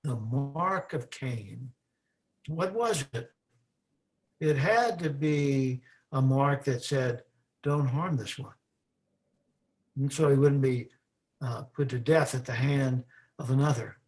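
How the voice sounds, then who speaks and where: A man preaches in a reflective, unhurried way, leaning on long pauses and quiet questions to his listeners. His voice sits at an ordinary middle pitch. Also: poor audio. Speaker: minister. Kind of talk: sermon.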